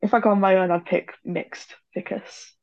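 A woman's voice: medium pitch, fairly even intonation, normal speed, darkish tone, muffled recording. A woman chatting as a podcast guest, giggly and hesitant with frequent ums. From Yorkshire, England. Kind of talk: casual chat.

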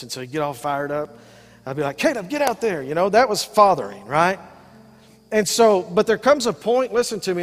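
High-voiced male pastor preaching in a hall. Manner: emphatic preaching with call-outs to the congregation. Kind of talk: sermon. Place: church sanctuary with congregation. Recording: live hall reverb.

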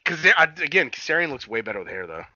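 Man, bright forceful voice, rambling profane wrestling chat, dull lo-fi recording. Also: a little high, very animated, fast, no echo. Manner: rambling, profane, many fillers and restarts. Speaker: podcast co-host. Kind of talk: casual wrestling recap chat. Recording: dull lo-fi sound.

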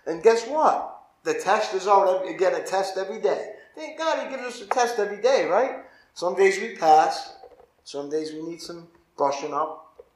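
A male pastor teaching a Bible study in a loose, conversational way. His voice sits a bit higher than most men's, and he keeps checking in with his listeners. The sound is echoey, as in a big open room. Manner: informal, keeps asking the listeners "right?".

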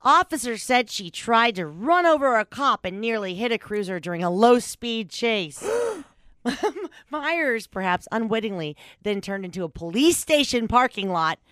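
A lively woman hosts a casual podcast, telling stories and reading news aloud with wry commentary. Her voice is smooth and clear, with dry, close sound, and she swears freely and jumps up and down in pitch. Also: no room sound. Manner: animated, swearing, laughs often, big pitch swings. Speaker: podcast host. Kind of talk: casual chat.

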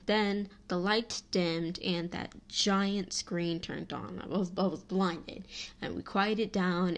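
Chatty young woman podcast host. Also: mid-range voice. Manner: chatty and animated, sprinkled with "like" and laughs. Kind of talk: casual solo podcast storytelling.

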